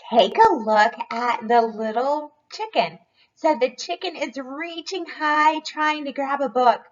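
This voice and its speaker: A woman's voice: sits high, takes it slowly, lo-fi sound. A woman curriculum specialist reading a storybook aloud to children in a cheerful, encouraging lesson. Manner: cheerful, encouraging teacher talk.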